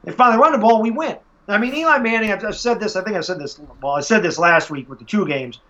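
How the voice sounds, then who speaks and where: High-voiced man, animated, venting about football, lo-fi sound. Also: fast talker. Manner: frustrated, animated, acts out fans and coaches. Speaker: sports podcast host. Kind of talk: casual sports chat. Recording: dull lo-fi audio.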